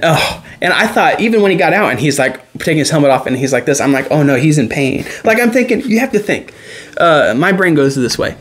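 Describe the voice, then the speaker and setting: A man hosting a casual racing chat show, telling stories excitedly and laughing often. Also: on the high side, brisk. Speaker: podcast host.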